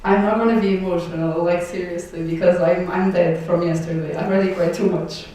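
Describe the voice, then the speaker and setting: Her voice is fairly low, dark and steady, moving a little fast as this young native Portuguese speaker delivers her closing speech as a departing board member. The farewell is emotional and rambling, with laughter breaking up her thanks. A distant mic catches the echo of a big hall and a faint hiss.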